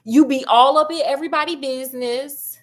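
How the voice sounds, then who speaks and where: A woman voicing an impatient, dismissive male doctor who talks fast in casual slang. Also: high-pitched, close to an everyday voice.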